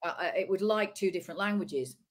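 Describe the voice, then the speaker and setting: Chatty northern English woman. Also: on the low side. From northern England. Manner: chatty, animated, fast-talking. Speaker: comedian. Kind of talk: casual chat.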